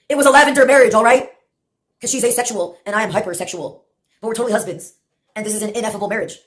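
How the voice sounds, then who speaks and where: A woman's voice: on the high side, racing, fairly bright tone. A woman in her late twenties telling a rambling, profane personal story with sardonic asides and laughs mid-sentence. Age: late 20s.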